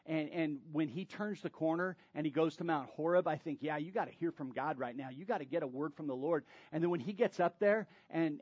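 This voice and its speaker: A high-pitched man delivering a sermon as a pastor, swinging from loud, emphatic preaching to quiet, confiding asides. The recording is dry and a little dull, like a feed from a church sound system. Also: no room sound. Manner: drops to soft confiding asides.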